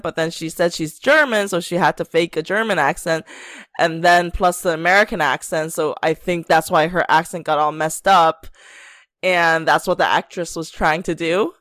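A woman's voice: on the low side, no echo, studio quality. Laughing, chatty woman podcast co-host. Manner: laughs often, animated retelling with mimicked quotes. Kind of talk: casual chat.

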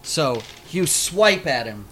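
A man's voice: fairly high pitch, very animated, slow, a bit bright, slight background noise. A man narrating a tabletop game as game master, vivid and playful, laughing between beats.

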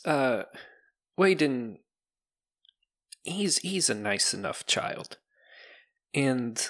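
A man's voice: mid-range voice, a bit bright, breathy edge, full character voice. A man voicing a kindly, worried older woman baker in a tabletop game.

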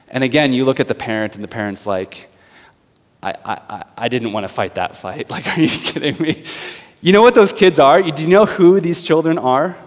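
A man delivers a sermon in a lively storytelling manner, slipping into quick voices for the people he describes. His voice rings out with a long reverb from a large hall. The recording has a slightly dull, muffled tone. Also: mid-range voice. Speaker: preacher.

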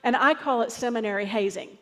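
Woman pastor, conversational sermon, slightly high voice, reverberant hall. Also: fairly quick. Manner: conversational storytelling preacher.

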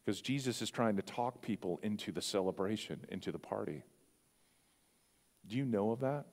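A man's voice: on the low side, lively intonation, moderate pace, darkish tone. Man preaching a casual sermon in an echoing church. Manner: conversational preaching with asides and questions to the congregation. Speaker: pastor. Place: church sanctuary. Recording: long reverb of a church hall.

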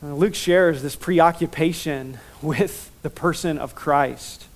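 A man preaching a sermon as pastor, enthusiastic and animated, telling stories with quick repetitions. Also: on the high side.

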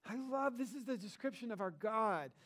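A middle-aged man preaching a sermon as a pastor, talking in a conversational, animated way with lively emphasis. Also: high voice, moderate pace.

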